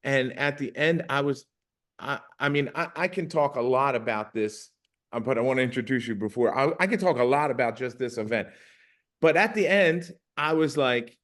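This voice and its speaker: A man's voice: mid-range voice, moderate pace, a bit bright. A male podcast host talking over a video call. He tells his story with feeling and rambles, tripping over and repeating words as he goes. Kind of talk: casual conversation on a video call.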